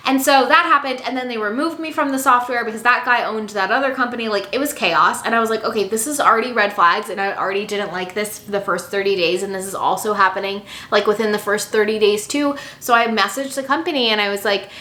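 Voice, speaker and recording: Bright, animated young woman vlogging. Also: medium pitch, quick pace, hardly any pauses. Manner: animated, expressive, acts out quotes. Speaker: business coach vlogger. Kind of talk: casual storytelling to camera. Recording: echoey room.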